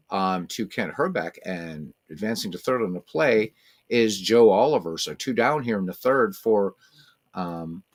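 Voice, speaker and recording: A man narrates a tabletop baseball game in a relaxed, announcer-style play-by-play. He also speaks to his cats in a high-pitched coo.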